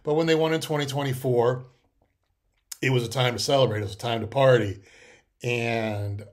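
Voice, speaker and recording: Podcast host, middle-aged man, casual emotional monologue, average pitch. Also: steady tone, moderate pace. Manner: emotional, rambling, with many restarts and fillers.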